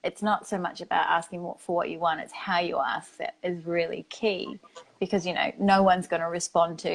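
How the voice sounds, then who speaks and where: A woman's voice: on the low side, brisk, creaky, low-quality recording. A woman in casual conversation, telling a story from her own life and acting out what she said. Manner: animated storyteller who acts out her own past words.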